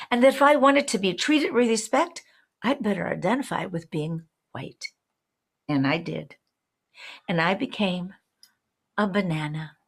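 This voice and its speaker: An older woman from New Orleans tells a personal story over a video call. Her voice sits at an ordinary middle pitch, and she speaks in a reflective, wry way. She slows down to let key words land. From New Orleans, Louisiana.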